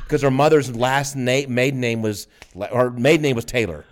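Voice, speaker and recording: A man's voice: medium pitch, steady tone, moderate pace. A man in casual chat, telling a personal story in a rambling way with restarts.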